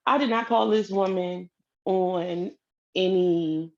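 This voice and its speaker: A woman's voice: fairly low pitch, takes it slowly. Lady telling her own story, acts out all the dialogue, kinda dull lo-fi sound. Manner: animated, acts out quoted dialogue. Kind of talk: personal storytelling.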